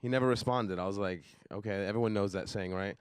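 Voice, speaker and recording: A young man doing a stand-up comedy set on a live stage, deadpan, dropping his voice low for asides. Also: fast, clean tone, dry recording, studio quality.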